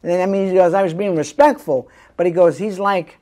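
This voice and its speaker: An older man, an actor, chatting as an interview guest and telling lively stories. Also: high-pitched, brisk. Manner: animated storyteller who acts out quoted voices. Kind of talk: casual interview chat.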